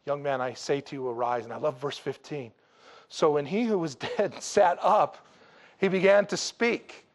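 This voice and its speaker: A man preaching with a slightly higher voice, mixing scripture with jokes. He tells the story in lively, casual words and voices the people in it. His delivery stays loose and playful as he speaks to the congregation. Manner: humorous, animated storytelling with laughs; acts out dialogue in a casual, jokey way. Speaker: pastor. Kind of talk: sermon.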